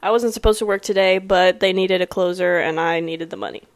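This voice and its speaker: A woman's voice: lowish voice, fairly even intonation, a little fast. A woman co-hosting a podcast in casual chat, with a playful, joking manner. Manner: playful, laughing, casual banter. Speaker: podcast co-host.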